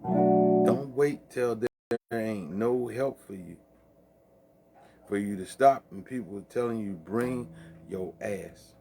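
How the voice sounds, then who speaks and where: A man's voice: lowish voice, slow, pauses often, mellow, soft background music. A man hosting a casual late-night monologue, with loose, profane, preachy street talk, laughing at his own jokes. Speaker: livestream host.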